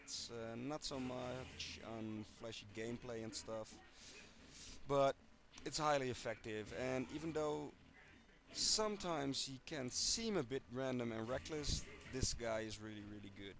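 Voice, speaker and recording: A man's voice: medium pitch, measured pace, a bit bright. A man casually commentating his own fighting-game match replays, hesitant with many ums and uhs, and joking at his own expense in a dry way. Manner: dry self-mocking humor.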